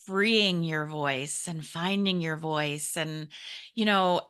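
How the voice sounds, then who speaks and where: A woman's voice: mid-range voice, fairly bright tone. A woman with a Southern US accent hosting an interview, talking in an effusive, gushing way. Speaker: podcast host. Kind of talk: casual interview chat.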